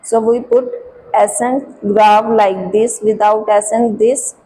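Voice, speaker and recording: A woman with an Indian English accent teaching French in a school classroom, and she talks slowly, spelling out letters and sounding out words one at a time. Her voice is fairly high yet mellow. Faint noise sits under the recording. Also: poor audio. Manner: slow, step-by-step explaining, repeating sounds and letters.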